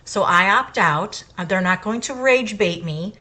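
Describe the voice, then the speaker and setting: A woman's voice: medium pitch, animated, a little slow, sharp tone. A middle-aged woman co-hosting a podcast in casual chat, giving her opinions in an impassioned, emphatic way. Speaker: podcast co-host.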